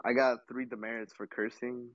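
A man's voice: mid-range voice, flat delivery, normal speed, a bit bright, dry recording. A young man telling a story in casual chat, with loose stumbling restarts. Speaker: podcast co-host. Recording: dry, dull lo-fi sound.

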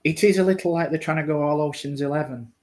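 A man co-hosting a podcast in casual chat, speaking in a calm, measured way. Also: on the high side. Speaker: podcast co-host.

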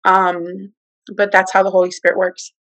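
A middle-aged woman telling a personal story in casual, animated talk, acting out what people said. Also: moderate pace, no echo, poor audio. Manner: animated, acts out quoted speech with big pitch jumps. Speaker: guest telling her testimony.

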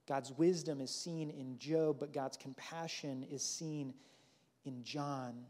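A man's voice: medium pitch, steady tone, takes it slowly, a little mellow. A male pastor preaching a sermon in a church, earnest and repeating key phrases for emphasis.

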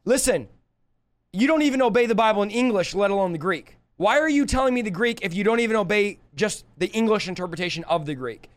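Male streamer-preacher, fiery and emphatic, high smooth voice. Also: animated, fast talker. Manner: emphatic, preachy, rising to loud exclamations. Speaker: preacher answering viewer questions on a live stream.

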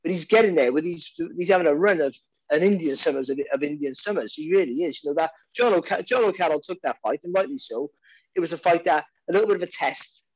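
In loose podcast conversation, this boxing commentator with a Welsh accent rambles, restarting often and repeating words. His voice runs high, fast and slightly rough, with lo-fi sound and no room sound.

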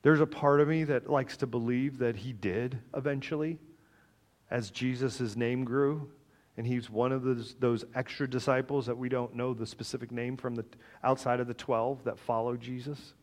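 Male pastor, mid-pitched, animated sermon delivery, joking, loud and soft swings. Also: moderate pace.

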